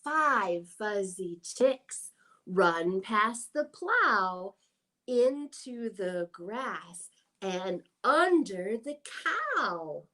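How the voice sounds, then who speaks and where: A young woman leading a toddler storytime, reading picture books and rhymes in a playful sing-song voice with soft hushed asides. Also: mid-range voice, big pitch swings, extremely slow. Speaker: children's librarian.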